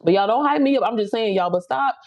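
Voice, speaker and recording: Fast-talking blunt woman hyping up viewers. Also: on the high side, animated, dull audio. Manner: blunt, profane, hype-up preaching. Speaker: live stream host, business coach. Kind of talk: casual motivational live chat.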